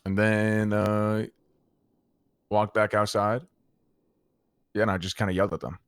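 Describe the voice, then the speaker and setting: A man's voice: fairly low pitch, little pitch movement, unhurried, smooth, dry recording, studio quality. A man in character in an online roleplay, telling a heated, profane story to a friend. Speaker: roleplay gang member recounting events.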